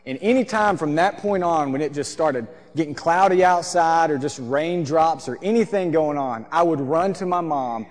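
A man, preaching a sermon from a church stage and telling a lively story. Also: fairly high pitch, normal speed, few pauses. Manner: storytelling, animated, acts out voices. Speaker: pastor. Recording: long hall reverb.

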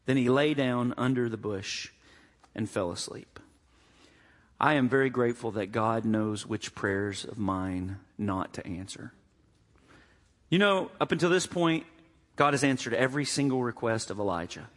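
Pastor mid-sermon, a bright, forceful man in a reverberant church hall, lively and joking. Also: mid-range voice, moderate pace. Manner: animated, joking storyteller acting out quotes.

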